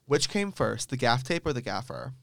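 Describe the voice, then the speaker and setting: A young man co-hosting a casual podcast, rambling with lots of fillers. His voice moves through a lively, animated pitch range. The sound is dry and close. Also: normal speed, creaky, no room sound. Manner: loose and chatty, lots of "like" and laughs. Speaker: podcast co-host. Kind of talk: casual chat. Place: small room, filmed podcast.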